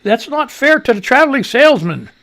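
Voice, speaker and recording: Animated, gravelly male news ranter. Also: very high voice, fairly quick. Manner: loose, profane, animated ranting. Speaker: talk show host. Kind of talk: casual live news commentary.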